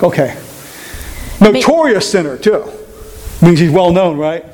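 A man teaching a Bible study as an interactive sermon, animated, asking the group questions and repeating phrases for emphasis. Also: high-pitched, unhurried.

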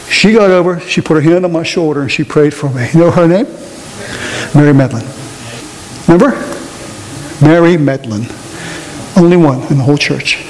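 A fairly high-voiced man preaches to his congregation, telling a story with lively swings between quick asides and slow, weighted lines. His voice rings through a large church with a long tail of reverb and a faint hiss underneath. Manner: animated, rises and slows for emphasis, asks the congregation questions. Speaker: pastor. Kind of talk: sermon storytelling.

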